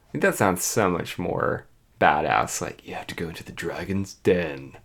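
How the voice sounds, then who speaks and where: A man's voice: deep voice, expressive, moderate pace, vocal fry, fairly bright tone. A man co-hosting a podcast in casual chat, laid-back and dry, with lots of filler words. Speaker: podcast co-host.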